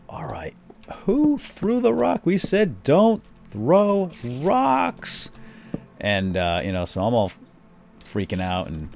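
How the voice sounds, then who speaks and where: A middle-aged man telling a family story while playing a game, switching to quiet muttering when he deals with the game. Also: lowish voice. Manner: animated storyteller, drops to quiet muttering over game actions. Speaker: gaming video host. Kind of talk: storytelling during a game playthrough.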